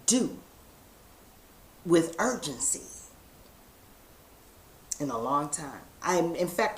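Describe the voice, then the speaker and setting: A woman talks slowly and chattily to her viewers, reading a letter aloud. The room is echoey, with faint noise behind her. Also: on the low side. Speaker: vlogger.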